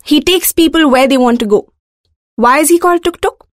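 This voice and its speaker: A woman reading a children's storybook aloud in an expressive, sing-song way. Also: sits high, brisk, dry recording, studio quality.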